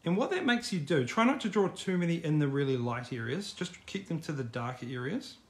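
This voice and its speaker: A man's voice: on the high side, very animated, brisk. A middle-aged man teaching a live online drawing class in a casual, encouraging, chatty way. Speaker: art teacher.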